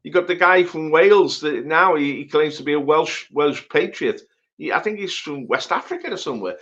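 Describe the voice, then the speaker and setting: A man's voice: high-pitched, big pitch swings, fairly quick, fairly bright tone, lo-fi sound. A man talking on a political live-stream panel. He is emphatic and rousing, firing rhetorical questions and repeating phrases for effect.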